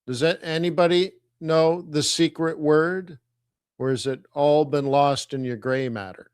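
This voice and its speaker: A middle-aged man hosting a live trading stream, talking to viewers in an energetic, teasing way as he walks them through charts. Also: a little high, a little slow, clean tone, no room sound, clean studio sound. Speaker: forex trading host.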